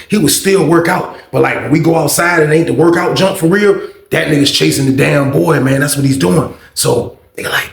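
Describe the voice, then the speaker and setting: A man telling a prison story in a casual, animated, profane way, full of acted-out quotes. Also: a little high, gravelly. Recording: echoey room.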